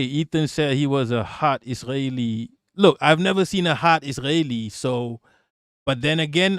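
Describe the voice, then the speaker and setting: A man's voice: on the high side, gravelly, no room sound, clean studio sound. A man streaming live, joking crudely and rambling as he reacts to clips. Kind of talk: casual live-stream commentary.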